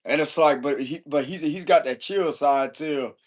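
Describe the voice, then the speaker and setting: Man, fairly high voice, casual tarot reader, slangy and profane, quick to chuckle. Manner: loose, profane, slangy chat; chuckles often.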